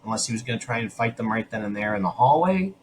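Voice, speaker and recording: A man hosting a podcast, retelling a show's plot in an easy, chatty way. His pitch swings a lot as he goes, middle-pitched overall. A faint hiss sits under his voice. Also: quick pace, rough recording. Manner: animated storytelling with asides. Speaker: podcast host. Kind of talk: casual chat recapping a TV episode.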